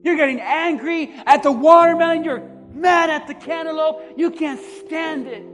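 Pastor, male, very high voice, animated preacher who bursts into shouts, booming reverberant church with music underneath. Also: moderate pace. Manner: animated preaching, acts out quotes, shouts for emphasis. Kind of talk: sermon. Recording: long hall reverb with music behind.

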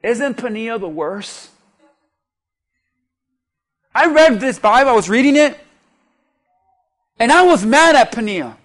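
Speaking in a very high voice, a male pastor delivers his sermon slowly and deliberately, giving every phrase its time. His style is animated and funny, and he often addresses the congregation directly.

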